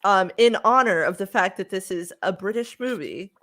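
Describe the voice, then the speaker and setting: A woman's voice: mid-range voice, lively intonation, moderate pace, a bit bright. A woman co-hosting a podcast in casual chat, giggly and rambling, with lots of fillers and repeated words. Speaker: podcast co-host.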